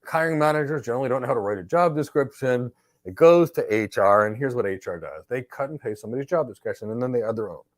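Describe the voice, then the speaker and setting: A middle-aged man hosts a live career Q&A and tells a story with plenty of emphasis. His pitch sits in a middle range and moves up and down a lot as he drives each point home. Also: fast talker. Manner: emphatic, animated storyteller who acts out exchanges. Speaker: host and cloud career trainer.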